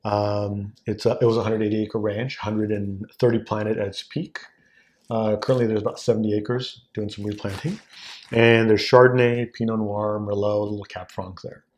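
A man in his forties from Southern California, a wine sales executive, telling an anecdote as a guest and acting out the quoted voices. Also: moderate pace. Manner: animated, acts out quoted voices with big pitch jumps. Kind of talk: casual anecdotal storytelling.

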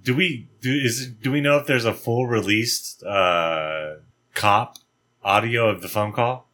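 A man's voice: mid-range voice, unhurried, fairly bright tone. A man in casual banter, dropping in short joking asides.

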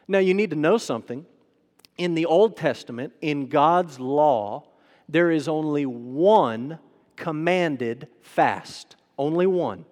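Slightly high-voiced man preaching in a reverberant hall. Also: measured pace, a little mellow. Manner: conversational, asks the crowd rhetorical questions; acts out quoted voices. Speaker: pastor. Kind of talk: sermon.

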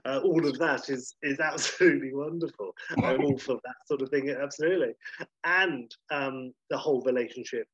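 A man in casual podcast chat, enthusiastic and quick to praise. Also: medium pitch, a bit bright, slightly rough, dull audio. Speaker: podcast co-host.

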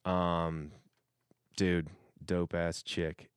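A man's voice: low-pitched, level tone, extremely slow, clear, resonant tone, dry recording, studio quality. A man in a casual chat, reading messages aloud in a rambling, self-interrupting way and laughing often. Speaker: host reading messages from coworkers.

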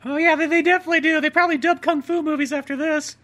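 Woman with a very high voice, quick, profane laid-back banter. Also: steady tone, a bit bright. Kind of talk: casual comedic commentary.

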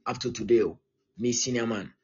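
A man's voice: mid-range voice, brisk, breathy edge, lo-fi sound. A man, preaching a live-streamed teaching sermon in an emphatic, repetitive way and often checking in with his listeners. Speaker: pastor.

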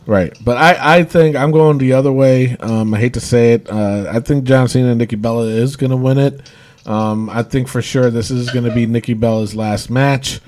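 A man's voice: medium pitch, steady tone, darkish tone. A young adult man hosting a casual wrestling predictions podcast, laughing often. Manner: laughs often, quick-talking. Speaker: podcast host.

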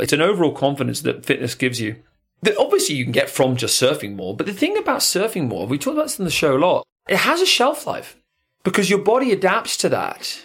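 A man's voice: fairly high pitch, sing-song, fast, fairly bright tone, husky. A man hosting a podcast in casual chat, talking in an emphatic, motivational way.

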